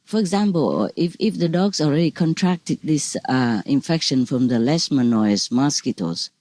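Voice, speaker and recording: A woman's voice: low voice, lively intonation, a little mellow, dry recording. A woman spiritual teacher speaking casually over a video call, telling stories in broken, repetitive phrasing with frequent laughs. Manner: broken, halting non-native phrasing.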